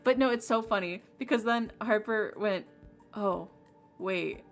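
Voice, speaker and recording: A woman's voice: on the high side, normal speed, soft background music. A woman streaming a game, chatting casually and rambling with lots of fillers. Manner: bubbly, rambling with many fillers. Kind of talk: casual livestream chat.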